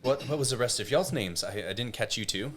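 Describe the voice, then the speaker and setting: A man voicing an excitable older male dragonborn who stammers and gushes with welcome. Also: mid-range voice, brisk, close to an everyday voice. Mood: excited. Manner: stammering, gushing.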